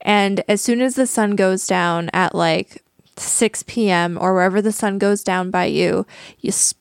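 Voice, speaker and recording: A woman's voice: medium pitch, steady tone, a little slow, gravelly, clear, resonant tone, no echo, studio quality. Chatty curious woman on a podcast. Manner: curious, chatty, uses 'like' a lot. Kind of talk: casual podcast chat.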